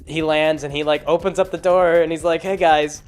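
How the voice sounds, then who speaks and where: Male host, slightly high voice, rambling casual game recap, faint music bed. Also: level tone, fairly quick, clean tone. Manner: rambling, many "like" fillers, chuckles often.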